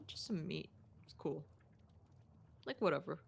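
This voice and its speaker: A woman's voice: low voice, animated, a little slow, vocal fry, slightly rough. A young woman who made the game, chatting casually about its design with stammering restarts. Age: young adult. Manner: hesitant, stammering restarts, laughing asides. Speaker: game developer commenting. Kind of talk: casual developer commentary.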